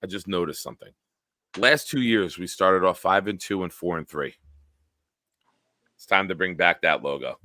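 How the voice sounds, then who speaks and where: Lower-voiced blunt sports fan, dry sound. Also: male voice, moderate pace, long pauses, pushed and bright, dry recording. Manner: blunt, opinionated banter. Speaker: co-host of a sports call-in show. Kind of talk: casual chat.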